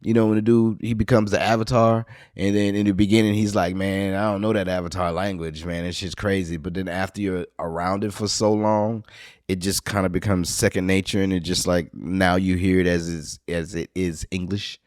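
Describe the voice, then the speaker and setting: A man from New Orleans with a local accent, hosting a podcast and telling a rambling, profane story in casual monologue, now and then jumping into high excited bursts. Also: moderate pace, no room sound, clean studio sound. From New Orleans, USA. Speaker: podcast host.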